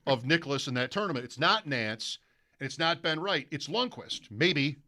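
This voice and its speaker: Bright-voiced man telling stories on radio. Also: a little high, normal speed. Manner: storytelling, animated, mimics broadcaster calls. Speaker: sports radio host. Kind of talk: casual radio chat.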